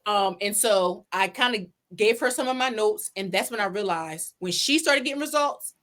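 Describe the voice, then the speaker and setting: A woman, a podcast guest, telling her story in a casual interview from her home office over a video call, animated and acting out her own past words. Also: medium pitch, moderate pace. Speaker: podcast guest, pageant winner and salon owner.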